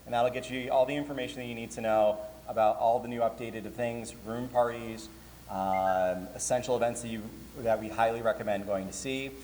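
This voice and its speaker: With a mid-range voice at a fairly quick clip, the man chats and jokes his way through a convention panel he runs as programming director, the live audience laughing along. The recording carries hall echo and slight background noise.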